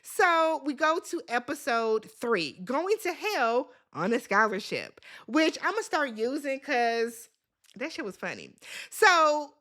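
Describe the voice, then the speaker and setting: A woman hosting a casual recap vlog, talking in an animated, gossipy and emphatic way and swearing freely. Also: high-pitched, slow. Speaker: reality TV recap host.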